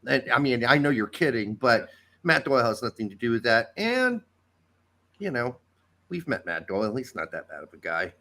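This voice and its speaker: A man's voice: medium pitch, big pitch swings, moderate pace, sharp tone. A man co-hosting a casual soccer podcast, blunt and sardonic, swearing freely. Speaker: podcast co-host. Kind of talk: casual chat.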